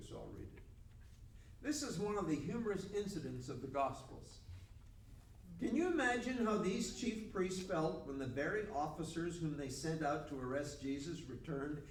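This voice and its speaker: A man's voice: a little high, lively intonation, normal speed. An older man teaching a Bible study to a group in a folksy, joking way. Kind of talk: conversational Bible lesson. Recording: roomy room mic from far off, faint noise.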